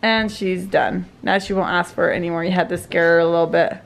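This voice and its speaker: A woman's voice: lowish voice, fairly even intonation, fairly quick, gravelly, a little hiss or hum. A woman chatting affectionately on a family vlog, amused by her kids and signing off to viewers. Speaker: family vlogger, mother. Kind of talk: casual family vlog chat.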